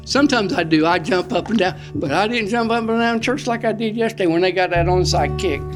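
A middle-aged man preaching a sermon in a folksy, excitable storytelling way, out of breath. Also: sits high, quick pace, over music. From Florida. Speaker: pastor.

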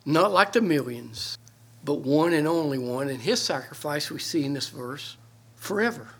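A man's voice: a little high, expressive, normal speed, a bit bright, slightly rough. An older man, a pastor, preaching a sermon on Bible verses with earnest emphasis and homely asides.

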